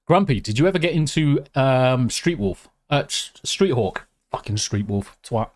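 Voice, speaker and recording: A British man chatting casually on a live stream. He reacts excitably to chat and swears freely. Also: mid-range voice, moderate pace. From United Kingdom. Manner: excitable, swears freely, talks while eating.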